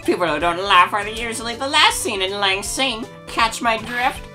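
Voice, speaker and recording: A woman voicing a loud, jokey male circus clown who cackles at his own puns. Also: on the high side, wildly swooping pitch, takes it slowly, over music, voice pushed up, exaggerated voice. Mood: boisterous.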